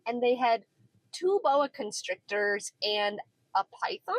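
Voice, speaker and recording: Animated young woman telling a story. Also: on the high side, slow pace, dry recording, rough recording. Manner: animated, acts out quoted dialogue. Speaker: podcast co-host. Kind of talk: casual storytelling chat. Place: in a car.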